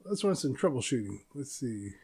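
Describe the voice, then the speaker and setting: A man's voice: mid-range voice, very animated, normal speed, dark tone, slightly rough. A man hosting a casual solo podcast, rambling and chuckling as he talks. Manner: rambling, chuckles often, loose and self-interrupting. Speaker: podcast host.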